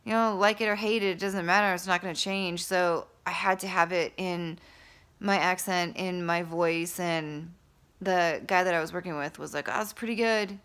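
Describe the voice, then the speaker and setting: A woman talking candidly to camera in a casual vlog, rambling with fillers and restarts, openly excited. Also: fairly low pitch, moderate pace, clean tone. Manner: excited and enthusiastic. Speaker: vlogger and author.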